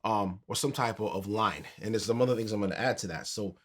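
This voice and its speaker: A man teaching a keyboard tutorial in a relaxed, conversational way, counting beats aloud as he plays. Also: fairly low pitch, quick pace. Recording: piano music under the voice.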